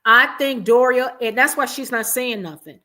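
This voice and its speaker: A woman hosting a casual livestream, giving blunt, animated commentary and talking straight to her viewers in the chat. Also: fairly high pitch, moderate pace. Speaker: livestream host.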